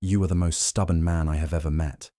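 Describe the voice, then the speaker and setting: A male narrator voicing James, a young blacksmith who speaks quietly and states facts plainly. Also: deep voice, steady tone, a little fast, no room sound, studio quality, natural voice. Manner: quiet, matter-of-fact.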